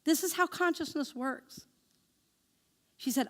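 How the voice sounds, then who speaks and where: A woman minister delivering a sermon, asking her congregation questions and speaking affirmations slowly and deliberately. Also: high-pitched, expressive, a bit bright. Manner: engaging the congregation with call-and-response questions; slow, deliberate spoken affirmations.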